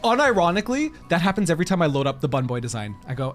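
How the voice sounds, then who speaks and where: A man's voice: a little high, very animated, very fast, faint music behind. A man live-streaming a game, chatting to his viewers in a giggly, rambling way. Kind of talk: casual live-stream chat while gaming.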